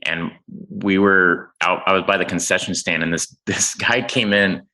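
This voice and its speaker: A man in his forties from Oklahoma, a guest in casual chat, telling animated stories and acting out the people in them. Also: sits low, normal speed, rough recording. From Oklahoma, USA.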